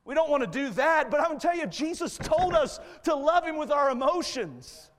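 A man preaching a fervent revival sermon as a guest preacher in a church, swelling to shouts. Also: extremely high pitch, expressive, moderate pace. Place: church sanctuary. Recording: long church-hall reverb.

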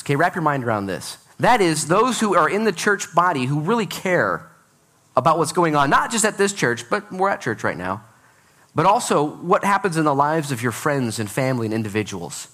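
A man in his thirties preaching a sermon in a church, telling stories with jokes at his own expense. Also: fairly high pitch. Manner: animated storytelling with self-deprecating jokes. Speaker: pastor. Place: church sanctuary.

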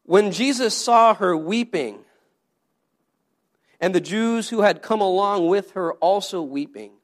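In a high-pitched voice, a man preaches in a conversational style, often saying things twice and asking his congregation questions as a pastor.

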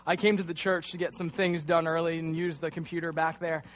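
Speaking briskly with little pitch movement, a young man in his twenties with a higher voice leads a casual youth sermon in church as its pastor. He's self-deprecating, telling a funny story and voicing the quotes himself.

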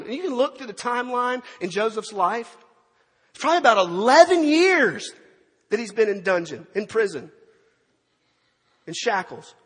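High-voiced husky man preaching. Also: normal speed, long pauses, in a large hall. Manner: storytelling, animated, with acted-out quotes and asides to the congregation. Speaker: pastor. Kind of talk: sermon.

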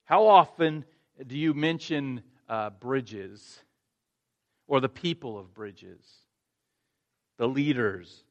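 A man's voice: medium pitch, expressive, slow, long pauses, dull audio. A male pastor preaching a sermon, earnest, restarting phrases and rising to emphatic points.

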